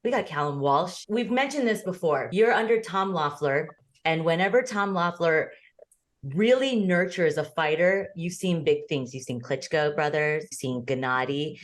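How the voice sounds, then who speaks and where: A woman's voice: low voice, lively intonation, normal speed. A woman co-hosting a boxing talk show, chatting casually and telling stories with frequent laughter. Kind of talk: casual chat.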